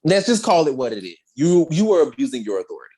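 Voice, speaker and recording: Sassy, lively-pitched podcast co-host. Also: quick pace, slightly rough. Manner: sassy, slangy, animated retelling with acted quotes. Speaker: podcast co-host recapping a comic. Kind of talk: casual chat.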